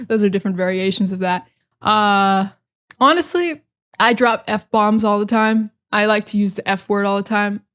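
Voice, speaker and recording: A young American woman hosting a casual solo podcast, sarcastic and expressive, slipping into dramatic mock rants. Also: medium pitch, moderate pace, smooth. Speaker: podcast host.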